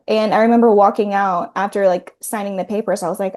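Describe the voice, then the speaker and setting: A woman's voice: mid-range voice, flat delivery, quick pace, hardly any pauses. A woman chatting casually as a podcast guest over a video call, sprinkling her talk with "like" and "um". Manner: chatty, warm toward her dog, frequent "like" and "um". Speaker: podcast guest, content creator. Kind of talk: casual interview chat.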